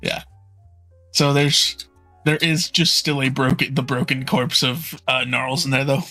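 A man's voice: mid-range voice, steady tone, measured pace, sharp tone, faint music behind. A man playing a tabletop game, talking in a laid-back, matter-of-fact way. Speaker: player. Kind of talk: casual tabletop chat.

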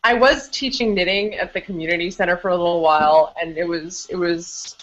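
A woman's voice: lowish voice, steady tone, fairly quick, a bit bright, lo-fi sound. Earnest woman chatting with small restarts. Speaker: podcast guest. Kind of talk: casual podcast chat.

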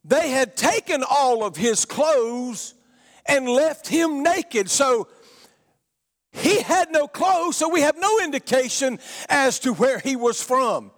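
High-voiced Southern preacher in a hall. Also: male voice, animated, slow pace. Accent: Southern US, Georgia. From Georgia, USA. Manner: emphatic preaching, rising to shouts on key points. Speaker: pastor. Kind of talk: sermon. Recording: long reverb of a large hall.

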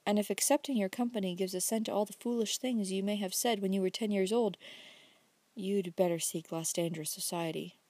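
A woman voicing a proud, teasing young woman who speaks coolly and quietly. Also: on the low side, expressive, moderate pace, few pauses, no echo, natural voice. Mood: cool reproach.

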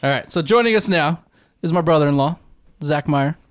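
A man's voice: fairly high pitch, brisk, background noise. A man hosting a casual podcast trivia segment, teasing the contestants. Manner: jokey, teasing quizmaster. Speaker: podcast host, quizmaster.

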